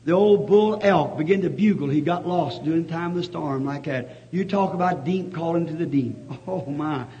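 A preacher with a high, ringing voice tells a folksy story in a sermon. He climbs from easy storytelling into fervent shouts of praise. The old recording sounds dull and lo-fi. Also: normal speed, hardly any pauses.

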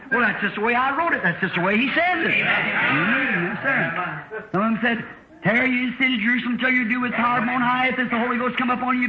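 Folksy high-voiced preacher, old echoey tape. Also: male voice, muffled recording. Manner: folksy storytelling preacher, acting out dialogue with shifting voices. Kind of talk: sermon.

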